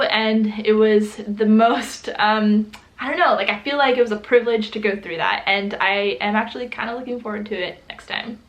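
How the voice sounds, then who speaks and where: A young woman talks straight to her camera in a relaxed, chatty vlog style. Her voice sits a little on the high side, and she laughs easily and fills her sentences with casual fillers. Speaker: vlogger.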